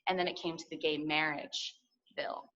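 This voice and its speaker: A woman's voice: sits low, flat delivery, normal speed, fairly bright tone, highs cut off. A woman in her twenties telling a personal story at a story slam, candid and profane, full of likes and asides, heard over a video call.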